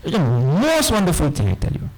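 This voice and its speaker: A man with a Trinidadian accent giving a spiritual discourse to a live audience, animated and often quizzing his listeners. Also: fairly high pitch, brisk, soft background music, low-quality recording. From Trinidad and Tobago. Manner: animated, questioning listeners, playful asides. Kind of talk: lively lecture on scripture.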